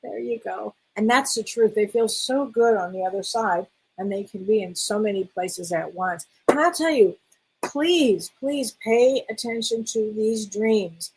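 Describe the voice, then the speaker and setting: A middle-aged woman who works as a spiritual medium runs a casual live-stream Q&A, reading viewers' comments aloud and warmly calling them honey. Her voice is medium-pitched and measured, with slight background noise on poor-quality audio.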